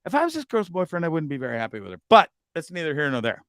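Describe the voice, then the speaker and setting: A man's voice: on the high side, huge pitch swings, dry recording. Rambling, confessional male show host. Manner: rambling, confessional, swears a lot, quick swings between loud and muttered. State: fidgety and nervous. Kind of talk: casual live show monologue.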